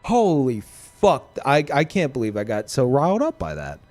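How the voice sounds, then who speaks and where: A man streaming a game, ranting in casual commentary, excitable and swearing, laughing as he talks. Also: mid-range voice, moderate pace.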